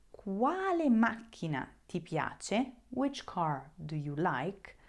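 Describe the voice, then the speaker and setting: Woman language teacher, low-pitched but expressive, slow and emphatic, repeats for stress. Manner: slow, careful modeling of pronunciation. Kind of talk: language lesson to camera.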